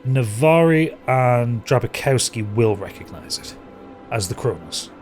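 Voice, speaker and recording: A man narrating as game master of a tabletop game, describing scenes with many pauses and fillers. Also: mid-range voice, lively intonation, a little mellow, faint music behind. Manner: descriptive, hesitant, many ums and kind ofs.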